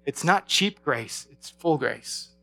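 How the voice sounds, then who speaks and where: A man's voice: a little high, animated, takes it slowly, creaky, sharp tone, soft background music. A man leading a Bible study, preaching in a casual, chatty way, laughing often and restarting his sentences. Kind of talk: sermon.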